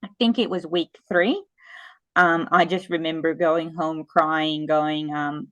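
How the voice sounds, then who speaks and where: A woman's voice: low-pitched, takes it slowly, no room sound. Chatty woman telling stories, dry sound. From Philippines. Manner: animated storytelling with frequent restarts. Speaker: guest. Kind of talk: casual interview chat.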